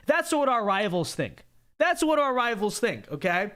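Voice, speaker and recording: A man's voice: extremely high pitch, big pitch swings, moderate pace, a bit bright. A young man hosting a livestream, ranting emphatically and repeating himself to press his point. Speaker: livestream host. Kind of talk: casual livestream rant.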